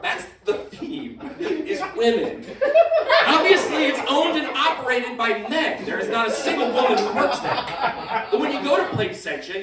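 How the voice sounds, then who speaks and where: A young man doing a stand-up set, rambling and interrupting himself, swinging from mumbles to shouts. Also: extremely high pitch, echoey room, recorded from a distance, low-quality recording. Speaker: stand-up comedian. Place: comedy venue with live audience.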